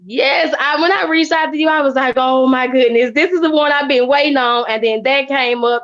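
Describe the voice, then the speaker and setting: A woman's voice: high-pitched, brisk, hardly any pauses. A woman from Mobile, Alabama with a Southern accent, a guest on a podcast, speaking emotionally and telling her story with laughs and tears close by. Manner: animated, tearful, laughing storyteller. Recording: slightly muffled lo-fi sound.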